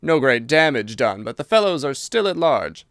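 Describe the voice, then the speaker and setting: A man voicing a hearty old military colonel who talks in a brisk, forthright way. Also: medium pitch, big pitch swings, a bit bright, dry recording, clean studio sound.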